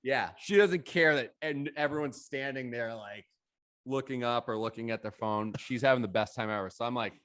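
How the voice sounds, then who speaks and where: Podcast guest, male, middle pitch, dry close sound; animated storyteller who swears freely. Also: normal speed, no room sound. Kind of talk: casual storytelling.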